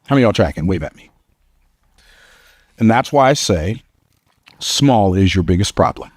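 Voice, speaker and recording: Low-voiced and expressive, a motivational speaker moves at a moderate pace in a clean studio recording without room sound. His storytelling to the live crowd is emphatic and conversational, and he laughs at his own lines.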